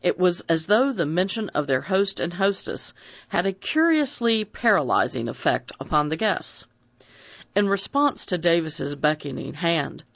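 A narrator reading a mystery novel aloud in an expressive, dramatic audiobook style. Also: medium pitch, gravelly, no room sound. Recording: dry dull lo-fi recording.

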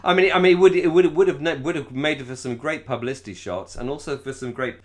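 A British man co-hosting a podcast in casual chat, halting and often repeating his words as he thinks aloud. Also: a little high. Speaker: podcast co-host.

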